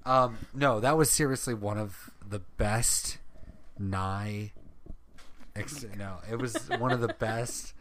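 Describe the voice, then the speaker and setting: A podcast co-host in casual chat, animated and acting out quotes from scenes. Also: mid-range voice, slow pace, a little hiss or hum.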